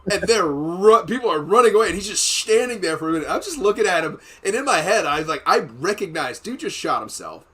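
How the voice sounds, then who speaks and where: A man's voice: high voice, fast, few pauses. A man and former Marine telling profane, rambling war stories in a casual podcast chat. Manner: profane, rambling, animated storytelling. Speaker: podcast host.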